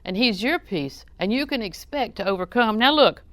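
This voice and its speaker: A woman delivers a sermon in a chatty, teasing way, firing questions at her listeners. Her voice is smooth and clear, neither high nor low. The sound is close and dry, with no room echo. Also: expressive, normal speed, fairly bright tone. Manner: conversational and joking, questions the audience. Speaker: preacher.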